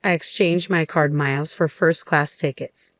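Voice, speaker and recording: A scheming older mother-in-law with a gloating, mocking way of speaking, as a woman reads her lines. The voice sits low and sounds dry and close, with no room around it. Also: fairly even intonation, a little slow, no room sound.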